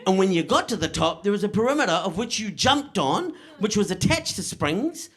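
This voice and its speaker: A middle-aged man performing a stand-up comedy set, delivering deadpan punchlines and checking in with the crowd. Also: sits high, moderate pace, husky.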